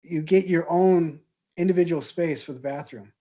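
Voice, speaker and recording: A man's voice: fairly high pitch, moderate pace, mellow, dull audio. A man teaching an art history class, telling casual, rambling anecdotes with fillers and chuckles. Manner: chatty, hesitant, laughs at own stories.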